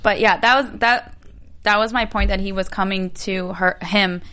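A woman's voice: medium pitch, steady tone, normal speed, fairly bright tone. A woman in a casual group chat about a reality show, chatty and often losing her train of thought.

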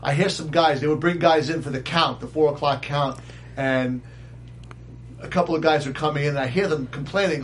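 Brief: animated male storyteller with a high voice who laughs along as he tells it. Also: brisk, a little hiss or hum. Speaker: guest storyteller. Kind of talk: casual storytelling.

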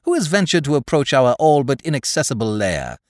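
A man voicing a naive young gentleman of twenty-one, formal, precise and stiffly polite. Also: mid-range voice, very animated, brisk, no echo, studio quality, lightly acted. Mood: astonished.

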